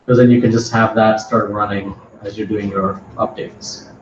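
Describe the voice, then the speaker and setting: A man with a fairly low voice talks through a technical topic for a small meetup, hesitant and doubling back on his words. He sounds distant from the microphone in an echoey room, and the recording is dull with faint noise behind him. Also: flat delivery, normal speed. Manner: hesitant, repeats words, unprepared. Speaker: meetup presenter. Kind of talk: casual technical talk.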